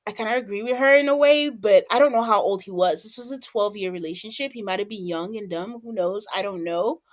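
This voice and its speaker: A woman's voice: medium pitch, fairly quick. A woman hosting a podcast, recapping a reality show in casual chat, acting out quotes and laughing often. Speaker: podcast host.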